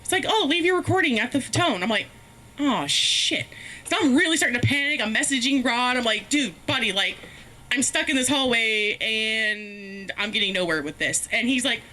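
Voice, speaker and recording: A woman's voice: on the high side, animated, normal speed, pushed and bright. A woman telling a rambling, profane, self-mocking story as a stand-up comedian, laughing often. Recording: faint background noise, live stream.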